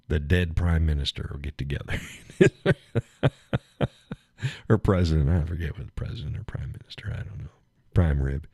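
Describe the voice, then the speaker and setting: A man's voice: sits low, mellow, husky, no room sound, clean studio sound. A man hosting a live stream, chatting casually with viewers in a rambling, folksy way and chuckling often.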